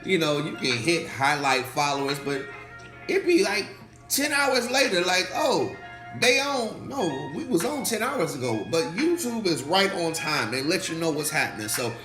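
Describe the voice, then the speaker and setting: A slightly hoarse man, a pastor hosting a faith livestream, talking casually and animatedly, repeating phrases and calling out to viewers in the chat. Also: a little high, very animated, moderate pace. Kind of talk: casual livestream preaching talk. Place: indoor room, livestream. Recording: echoey room with faint music.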